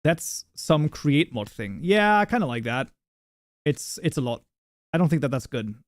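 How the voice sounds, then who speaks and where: A male streamer whose first language is German, chatting loosely with his viewers in a fairly high voice. He rambles, restarts his sentences, and breaks into laughter often, recorded close and dry. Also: sing-song, moderate pace, dry recording. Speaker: livestream host. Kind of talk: casual live chat with viewers.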